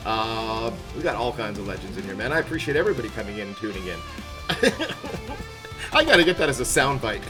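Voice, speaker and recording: Upbeat male streamer, rambling and laugh-prone, very animated delivery over loud background music. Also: medium pitch. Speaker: game streamer. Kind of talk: casual live-stream chat. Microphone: headset. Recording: background music playing loudly.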